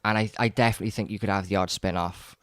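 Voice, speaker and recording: Low-voiced male co-host, excited rambling chat, close and dry. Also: very fast, clear, resonant tone, no echo. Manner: rambling, enthusiastic, frequent restarts and stammers. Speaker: podcast co-host. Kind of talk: casual chat about films.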